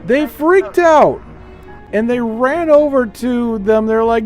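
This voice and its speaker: High-voiced man rambling over game music. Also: takes it slowly. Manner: rambling, animated storytelling with playful put-on voices. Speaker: gaming streamer. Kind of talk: casual gameplay chat.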